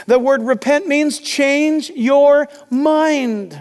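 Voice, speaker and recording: High-voiced man preaching in a reverberant hall. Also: fairly even intonation, slow, hardly any pauses. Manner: emphatic preaching, loud and urgent. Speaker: pastor. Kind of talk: sermon.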